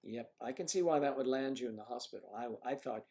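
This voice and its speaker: An older man hosting a livestream, chatting casually through rambling anecdotes with frequent restarts and throat clearing. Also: medium pitch, fast, a little mellow. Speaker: livestream host. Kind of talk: casual chat reading viewer comments. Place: home livestream setup.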